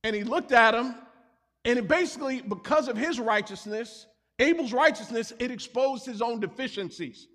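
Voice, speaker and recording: A man's voice: very high-pitched, normal speed, fairly bright tone. A man preaching a sermon as pastor, in a conversational, confessional storytelling manner with self-deprecating humor. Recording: reverberant hall.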